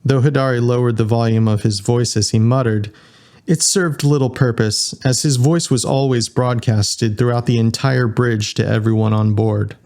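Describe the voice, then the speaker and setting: A man reading a science fiction audiobook as its narrator, in an even storytelling delivery. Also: mid-range voice, normal speed. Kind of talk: scripted narration.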